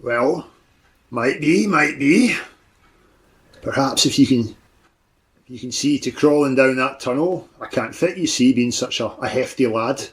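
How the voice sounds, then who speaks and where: A man doing a hulking, gruff warlock who talks in blunt, coarse slang. He sounds like a menacing brute in a tabletop game, with a voice of middling pitch. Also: animated, a little slow, pauses often, lightly acted. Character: huge brutish male warlock, gruff.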